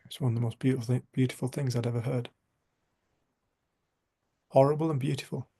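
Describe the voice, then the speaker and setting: A man's voice: medium pitch, steady tone, a little fast, gravelly, dark tone, breathy edge. A middle-aged man, leading a group and telling a personal story in an earnest, heartfelt way, often dropping to a near-whisper, heard over a video call. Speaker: group facilitator.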